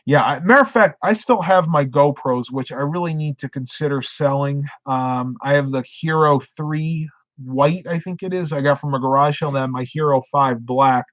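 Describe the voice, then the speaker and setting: A man's voice: fairly high pitch, normal speed, hardly any pauses, fairly bright tone, dry recording. A sleepy middle-aged man chatting casually on a live stream, rambling and reading viewer comments aloud. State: sleepy, yawning.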